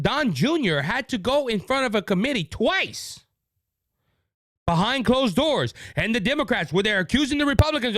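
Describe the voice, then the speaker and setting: A man's voice: high voice, vocal fry, fairly bright tone, no room sound, clean studio sound. A man with a Cajun Louisiana accent hosting a political talk show, delivering indignant, mocking commentary with many repetitions.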